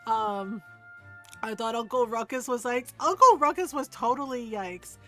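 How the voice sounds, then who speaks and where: High-voiced chatty woman game streamer. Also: measured pace, faint music behind. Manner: chatty, laughs often, animated storytelling. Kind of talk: casual gameplay stream chat.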